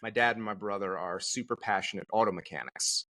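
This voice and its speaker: Male podcast guest with a bright, forceful voice and a slightly low pitch, animated storyteller. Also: a little fast. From Connecticut, USA. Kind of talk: casual conversational storytelling.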